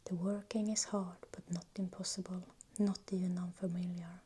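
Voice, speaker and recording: A woman voicing a deep-voiced male elder shaman who speaks in a measured, diplomatic way, in a whispered role-play. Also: little pitch movement, dark tone, slight background noise, natural voice. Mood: firm.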